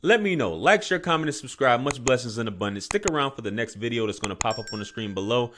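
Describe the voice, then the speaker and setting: A man's voice: medium pitch, lively intonation, quick pace, background noise. A man hosting a commentary video, talking in an emphatic, indignant way. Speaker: host.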